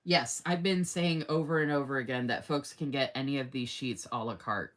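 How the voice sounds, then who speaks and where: A woman's voice: very deep voice, normal speed. A woman hosting a casual live stream, gushing with enthusiasm over planner stickers and reading viewer comments aloud. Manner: gushing, enthusiastic, says "oh my gosh" often. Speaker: host of a live sticker showcase.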